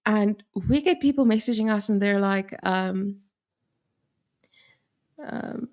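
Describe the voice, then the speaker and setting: A woman's voice: mid-range voice, slow, a little mellow. A woman with an Afrikaans accent from South Africa, co-hosting a casual chat and telling stories with lots of laughs and quoted asides. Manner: giggly storytelling with quoted asides. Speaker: co-host.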